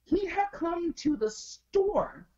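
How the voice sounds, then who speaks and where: A woman's voice: extremely high pitch, takes it slowly, muffled recording. A woman guest telling a story in casual chat, acting out each person's lines as she goes. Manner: animated, acts out dialogue in quotes.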